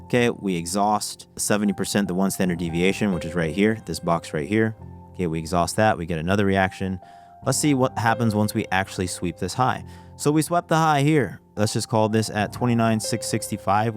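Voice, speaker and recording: A man's voice: lowish voice, brisk, soft background music. A man giving a casual screen-share trading lesson, walking through a chart and often saying "okay" as he restarts phrases. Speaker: trading educator.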